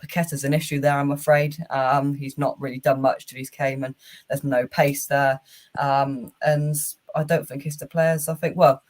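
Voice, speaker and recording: A man's voice: medium pitch, little pitch movement, normal speed. A man hosting a casual football chat, giving frank, weary match analysis with lots of fillers and restarts. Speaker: host.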